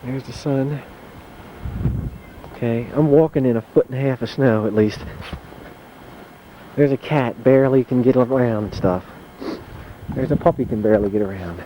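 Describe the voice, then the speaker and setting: A man casually narrating his home video on a handheld camcorder as he walks outdoors through deep mountain snow. He talks in a chatty, wry way and curses mildly. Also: normal speed, long pauses, dark tone, slight background noise, poor audio. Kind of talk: casual narration while filming.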